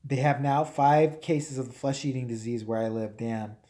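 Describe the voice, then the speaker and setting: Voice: medium pitch, normal speed, dark tone. A live-show host from Chicago chatting casually, rambling through stories, laughing often and swearing a lot. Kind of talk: casual live-stream chat.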